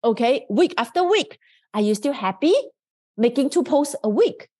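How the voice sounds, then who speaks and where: A woman's voice: high voice, expressive, moderate pace, dark tone, husky. A woman hosting a podcast, giving an earnest, emphatic motivational talk that coaches her listeners. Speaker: podcast host.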